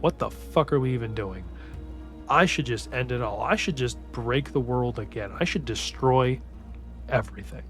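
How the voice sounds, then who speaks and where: A man voicing a furious, worn-down young hero who rants and curses, his voice lifting a little above a casual storyteller's tone. Soft music plays quietly behind. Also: medium pitch, normal speed, lightly acted. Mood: despairing. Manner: angry, cursing, ranting.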